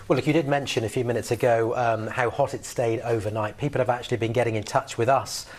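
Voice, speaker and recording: A British man with a mid-range voice reads viewer messages on air in a relaxed, chatty way, with the odd filler. He speaks from a television studio. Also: medium pitch, quick pace. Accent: British English. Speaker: news anchor. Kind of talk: conversational news presenting.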